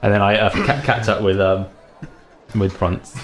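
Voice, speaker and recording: A man's voice: fairly low pitch, a little slow. A man playing a tabletop game, amused and hesitant as he describes his character. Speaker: player.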